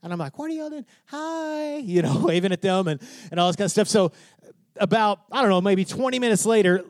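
A man's voice: high-pitched, quick pace, no echo. A pastor preaching to his congregation, asking questions and building to fervent emphasis. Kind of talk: sermon.

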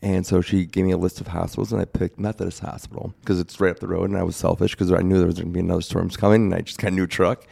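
A low, gravelly man in his forties with a dark, mellow tone, recounting his story in a casual chat. He talks in a plain-spoken, rambling way, circling back as he goes. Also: little pitch movement, rapid-fire, few pauses. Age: 40s. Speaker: guest telling his story.

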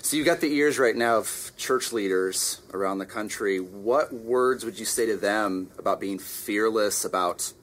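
A male podcast host puts friendly, joking questions to his guests backstage. His voice is fairly low, and a faint hum sits in the background. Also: a little slow, few pauses, a bit bright. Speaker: interviewer host. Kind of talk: podcast interview. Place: backstage at a concert venue.

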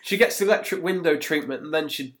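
A man's voice: on the high side, fast talker, fairly bright tone, slight background noise. A man, hosting a podcast and recapping an episode in a chatty way. He laughs often and acts out quotes as he goes. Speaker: podcast host. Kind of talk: casual chat recapping an episode.

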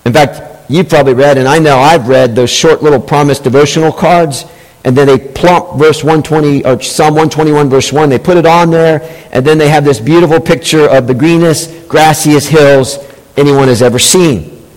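A man's voice: on the high side, steady tone, moderate pace, darkish tone. A man, a pastor, preaching a sermon and repeating key phrases for emphasis, sometimes with mock-sweet sarcasm. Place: church sanctuary. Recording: long reverb, large hall.

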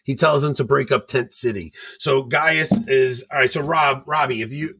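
A man's voice: mid-range voice, moderate pace, pushed and bright, husky. A man hosting a casual review podcast, joking and rambling as he walks through scenes. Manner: joking, rambling, self-mocking. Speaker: podcast host.

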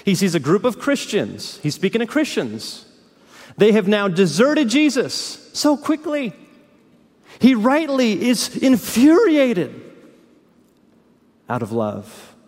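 A man pastor preaching a sermon, swinging between hushed low phrases and fiery raised peaks. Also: big pitch swings, slow, long pauses, in a large hall.

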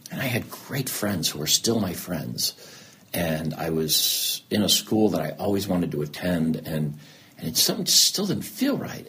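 A middle-aged Midwestern man with a very low voice tells a personal story in an interview, and his pitch swings widely as he acts out the people in it. A faint hum of ambience sits behind him. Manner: animated, acts out both sides of quoted dialogue. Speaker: interviewed guest, TV news anchor.

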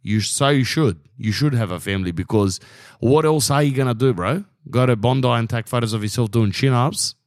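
A man's voice: mid-range voice, fairly quick, no echo. Australian man, 30s, solo podcast host; loose, joking ramble, dry close recording. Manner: rambling, jokey, keeps saying "bro". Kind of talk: casual solo podcast monologue.

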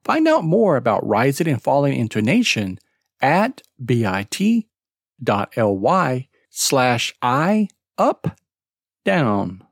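An English pronunciation teacher hosting a podcast lesson, explaining slowly and deliberately with emphatic word stress and spelling out web addresses letter by letter. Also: medium pitch, sing-song, no echo.

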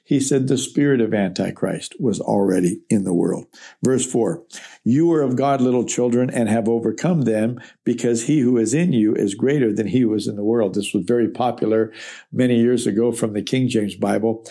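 A man's voice: fairly low pitch, moderate pace, creaky, warm tone, breathy edge. A man teaching through a Bible letter verse by verse, in a conversational, explanatory way. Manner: conversational, explanatory, checks in with okay.

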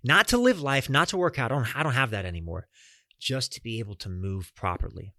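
A man's voice: mid-range voice, expressive, a little fast, pushed and bright, no echo, clean studio sound. A young man hosting a podcast, earnestly telling a personal story straight to his listeners and swearing casually. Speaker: podcast host.

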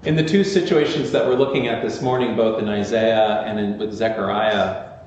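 A man with a fairly low, darkish voice preaches as pastor at a moderate pace, with fairly even intonation. His talk is conversational with fillers and restarts, recorded from far away in a large, echoey sanctuary, so it sounds muffled, with slight background noise.

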